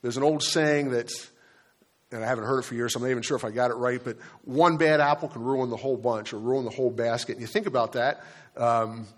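A man's voice: mid-range voice, fairly even intonation, fast talker. Man preaching a conversational sermon. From Delaware, United States. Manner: conversational preaching with fillers and repeated words. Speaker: pastor.

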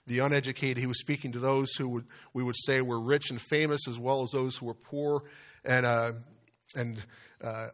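Earnest male pastor preaching, mid-range voice, soft in prayer, louder on key words. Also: medium pitch. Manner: earnest, with frequent restarts and fillers. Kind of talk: sermon with opening prayer. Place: church sanctuary.

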